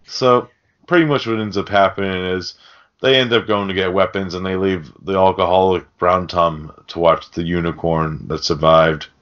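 A man's voice: deep voice, fairly even intonation, moderate pace, a bit bright. A man hosting a podcast, recapping a film in casual chat full of swearing and rambling asides. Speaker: podcast host. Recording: dull lo-fi podcast audio.

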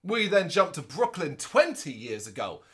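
Animated man recapping a film. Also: on the high side. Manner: animated recapping, with quick asides in put-on voices. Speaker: podcast co-host. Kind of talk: casual movie review chat.

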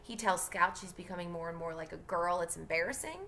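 A woman's voice: fairly low pitch, fairly quick, pushed and bright, slight background noise. A young woman teacher reading a novel aloud and chatting casually to her students between passages. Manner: chatty, filler-heavy asides. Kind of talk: audiobook reading with classroom asides.

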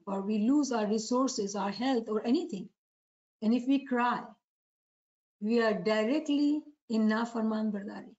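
Woman preacher, high voice, muffled recording. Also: a little mellow. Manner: asks rhetorical questions to the audience. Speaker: religious preacher. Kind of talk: devotional sermon lecture.

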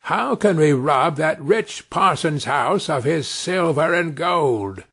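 Sly, furtive grown thieves, as a storyteller plays them, talking in a wary, hushed way. The voice is husky and slow, and its pitch moves around a lot. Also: male voice, animated, heavily acted.

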